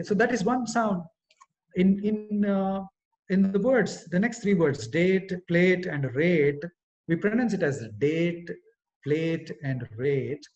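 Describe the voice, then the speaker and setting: A man with an Indian accent, his first language Telugu, gives a pronunciation lesson in a fairly high voice. He stops often to correct himself and fills pauses with "uh". The online call audio is dull and lo-fi. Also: darkish tone. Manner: explanatory, with frequent fillers and self-corrections. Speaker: guest speaker. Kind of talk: online webinar talk. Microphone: home internet call mic.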